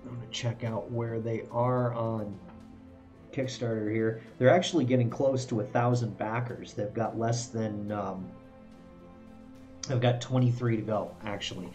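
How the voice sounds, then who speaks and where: A man's voice: lowish voice, fairly even intonation, a little slow, a little mellow, dull audio. A man streaming a video game, chatting casually, poking fun at his own failures and chuckling often. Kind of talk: casual live-stream commentary while playing. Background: faint game music.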